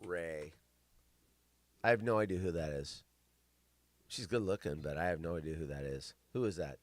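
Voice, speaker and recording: This show host speaks in a low register at a normal pace, with no room sound in the recording. On his laid-back chat show he reads out news items, wandering off into jokes and tripping over his lines.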